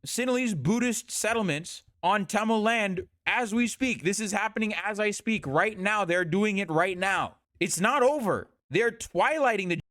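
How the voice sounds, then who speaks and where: A man streaming a heated reaction, talking fast and repeating himself. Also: sits high, a bit bright, no room sound, clean studio sound.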